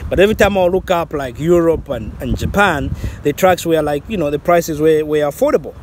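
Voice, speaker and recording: A man's voice: fairly high pitch, animated, a little fast, a little hiss or hum. A man from Zambia casually telling a personal story, rambling with many restarts and fillers and laughing at himself. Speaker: vlogger.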